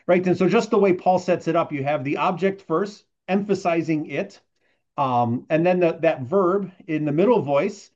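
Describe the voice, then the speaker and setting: A man's voice: on the high side, darkish tone, highs cut off. A man giving a conversational verse-by-verse Bible teaching, often checking in with "right?" as he explains. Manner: conversational, tags points with "right?".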